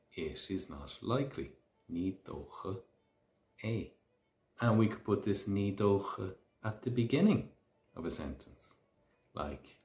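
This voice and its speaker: A man teaching Irish phrases in a language lesson, saying each example slowly and carefully. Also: on the low side, expressive, darkish tone. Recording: roomy echo.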